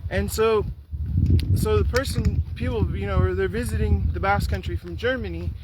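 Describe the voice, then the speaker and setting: A man's voice: high voice, normal speed. A young man chatting casually in a walking vlog on a riverside trail, rambling with frequent restarts, recorded on a carried phone. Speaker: vlogger. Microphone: phone or camera carried while walking. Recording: loud outdoor noise, wind. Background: loud outdoor ambience and wind.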